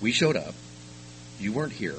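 An older man giving a personal testimony at a recovery meeting, telling his story haltingly with frequent restarts. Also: on the low side, sing-song, noisy background. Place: meeting room.

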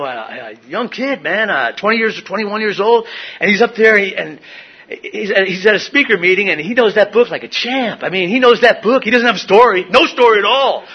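A middle-aged man tells his recovery story at a meeting, circling back through fillers and false starts. His voice sits fairly high and sounds husky. The recording is dull and lo-fi. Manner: rambling, many fillers and restarts. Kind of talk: personal recovery share. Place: meeting room.

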